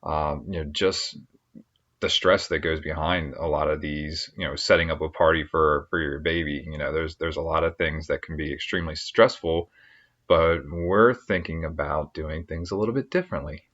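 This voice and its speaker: A man co-hosting a podcast, talking in a relaxed, easygoing way. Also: a bass voice, moderate pace, muffled recording. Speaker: podcast co-host. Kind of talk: casual chat.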